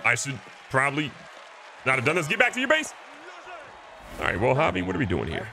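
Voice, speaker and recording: A young man casually commentating his own baseball video game, excitable and joking, swinging between hype and mock despair. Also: medium pitch, fairly quick, gravelly, a faint crowd, slight background noise. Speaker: gaming channel host. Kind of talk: live gameplay commentary.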